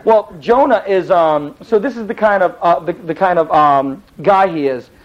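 Brief: male Bible teacher, lively storyteller, higher-pitched, muffled lo-fi recording. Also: normal speed. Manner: lively, rambling, many restarts. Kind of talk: animated Bible storytelling lesson.

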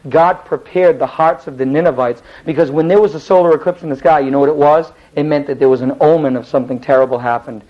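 Brief: male Bible teacher, lively storyteller, higher-pitched, muffled lo-fi recording. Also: fast talker, few pauses. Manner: lively, rambling, many restarts. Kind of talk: animated Bible storytelling lesson.

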